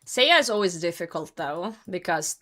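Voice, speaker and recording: A woman's voice: fairly low pitch, animated, moderate pace, sharp tone. A young woman streaming from her computer at home, chatting casually with her viewers and laughing often as she hosts a hide-and-seek game. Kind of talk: casual live-stream chat.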